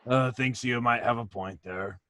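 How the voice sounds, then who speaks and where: A man playing a tabletop role-playing game, describing his character's actions haltingly and with stammering restarts. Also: medium pitch, bright, forceful tone, dry recording. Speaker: player.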